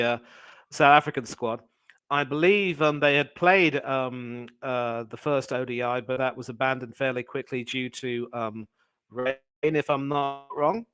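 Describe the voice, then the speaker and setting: A man talking as a guest on a sports chat, giving measured analysis hedged with fillers. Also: medium pitch, fairly bright tone, smooth, no echo, poor audio. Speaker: guest cricket commentator. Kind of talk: casual sports podcast chat.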